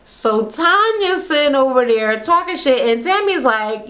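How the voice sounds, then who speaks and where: A woman giving a casual reality TV recap, blunt and profane, with slangy, animated commentary. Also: high-pitched, measured pace. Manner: animated retelling, acts out quotes; slangy, conversational.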